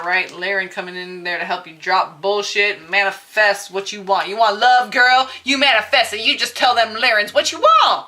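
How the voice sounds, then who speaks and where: A woman reads tarot cards for her viewers in a loose, chatty way, laughing often and dropping the odd swear word. Her voice is bright and clear, sitting at an ordinary pitch for a woman. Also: moderate pace, few pauses. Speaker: tarot reader. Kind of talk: casual spiritual tarot reading.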